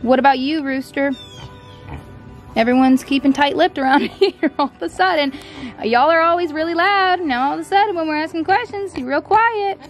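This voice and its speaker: A young woman vlogging on her farm, chatting excitedly to the camera and her animals with lots of "like" and "I don't know". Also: high voice, moderate pace, soft background music. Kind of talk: casual vlog chat to camera. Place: outdoors on a farm pasture.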